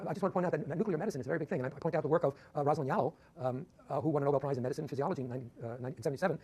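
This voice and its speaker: A man's voice: on the high side, darkish tone. A man giving a university physics lecture in a lecture hall, rambling with many restarts and chuckling at his own asides.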